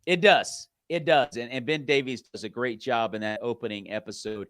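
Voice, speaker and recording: A man's voice: mid-range voice, steady tone, moderate pace, a bit bright, slight background noise. A man hosting an interview show, asking encouraging, complimentary questions. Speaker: host. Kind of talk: casual interview chat.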